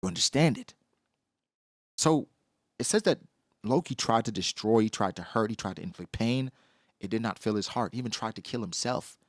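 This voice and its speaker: A man giving casual, slangy commentary on a comic chapter, acting out characters in quick asides. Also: on the low side, expressive, dry recording, clean studio sound. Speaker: manga reaction host.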